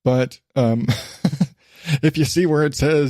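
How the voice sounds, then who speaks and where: A man's voice: medium pitch, level tone, normal speed, pauses often, a little mellow, no room sound, clean studio sound. A man hosting his own podcast from his desk at home, rambling casually and mocking himself, with the odd swear. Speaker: podcast host. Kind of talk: casual solo podcast monologue.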